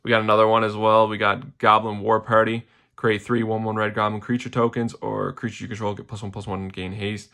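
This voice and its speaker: A young man talks through his card game deck in a loose, rambling way, tossing in slangy asides. His voice sits a little low and has a gravelly edge. Its tone is bright and forward. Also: level tone, brisk. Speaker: deck tech host.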